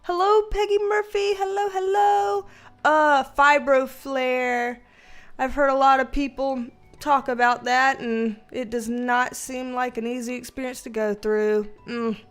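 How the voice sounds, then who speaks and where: A woman's voice: sits high, little pitch movement, measured pace, a bit bright, clear, resonant tone, faint music behind. A woman hosting a casual livestream, greeting viewers by name and laughing often. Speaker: livestream host and tarot reader.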